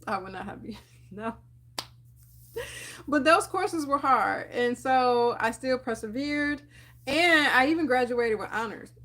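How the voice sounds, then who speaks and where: Young woman vlogger, slightly high voice, animated and encouraging, uplifting talk to camera with lots of "um"s. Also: a little slow, long pauses. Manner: animated, laughs often, preachy encouragement with fillers. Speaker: dental hygienist and channel host.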